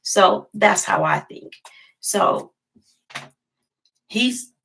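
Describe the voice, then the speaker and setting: A woman's voice: medium pitch, very slow, gravelly, fairly bright tone, slightly rough. A woman vlogger telling a personal story in a casual, emphatic way, often repeating phrases for effect.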